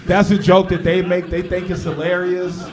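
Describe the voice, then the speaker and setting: A man doing a live stand-up set in a comedy club, telling a story in an animated way. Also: sits high, normal speed, roomy sound, noisy background. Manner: animated, storytelling, laughing at his own jokes.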